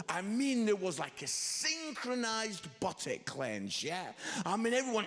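A man's voice: fairly high pitch, normal speed. A man preaching a sermon to a room of students, telling funny stories and acting out the voices in them. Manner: animated, acts out voices in his stories. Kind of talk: sermon with comic storytelling. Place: large hall. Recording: long hall reverb.

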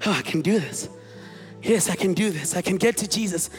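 A preacher voicing a nervous, excitable fisherman. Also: high-pitched, fairly quick, pitched below the performer's own voice, close to an everyday voice. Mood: overjoyed. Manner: hesitant, pleading, then overjoyed. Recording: reverberant hall, faint music.

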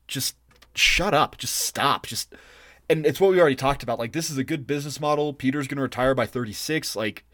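A man's voice: medium pitch, a little fast, fairly bright tone, dry recording, studio quality. A man co-hosting a podcast, ranting and swearing in exasperated casual chat. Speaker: podcast co-host.

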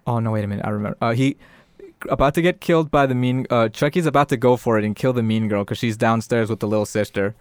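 A man's voice: mid-range voice, quick pace, clear, resonant tone, dry recording, clean studio sound. A young man casually retelling a show, rambling with lots of fillers.

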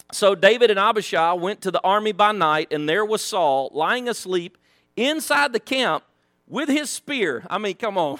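A man's voice: sits high, sharp tone, no room sound, studio quality. A man teaching a Sunday school Bible lesson, playful and jokey, dropping slangy asides between the verses he reads.

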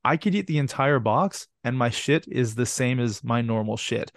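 A man's voice: medium pitch, animated, normal speed, dry recording, studio quality. A man, co-hosting a podcast in casual chat and telling rambling, profane stories. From Canada. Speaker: podcast co-host.

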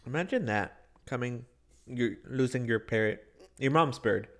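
A man co-hosting a podcast in relaxed conversation. He drops deadpan jokes and playfully teases his co-host, at a mid pitch. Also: a little slow. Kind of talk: casual chat.

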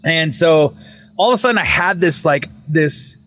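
A young man telling a ghost story in casual podcast chat, animated and swearing, often stopping to restart a phrase and jumping up in pitch when he quotes himself. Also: moderate pace.

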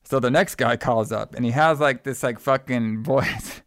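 Dude rambling thru a movie recap on a podcast, a little gravelly, dry close mic. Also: male voice, medium pitch, normal speed, dry recording. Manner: laid-back, rambling, laughs often. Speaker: podcast co-host. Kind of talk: casual chat.

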